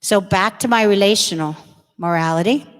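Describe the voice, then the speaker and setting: A woman's voice: mid-range voice, normal speed. A woman giving an earnest, emphatic religious education talk to parents and teens in a church hall. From United States. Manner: earnest, emphatic, acts out kids' voices. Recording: long reverb of a large hall.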